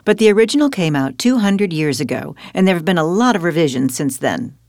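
A woman's voice: fairly low pitch, lively intonation, fairly quick, darkish tone, dry recording, studio quality. A woman teaching spelling in a scripted dialogue, guiding her partner patiently with questions. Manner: patient, questioning, guides with prompts. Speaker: language teacher.

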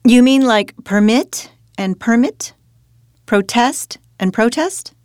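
A woman guides a scripted pronunciation lesson with encouraging questions. Her intonation is lively and expressive. The recording is dry and close. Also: a little high, takes it slowly, no echo. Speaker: teacher in a dialogue. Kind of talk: scripted teaching dialogue.

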